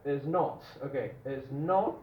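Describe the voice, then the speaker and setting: A man teaching a grammar lesson to a class, often checking in with the students and drawing out his example words slowly. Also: medium pitch, a little hiss or hum. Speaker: English teacher. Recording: dull lo-fi classroom recording with room echo.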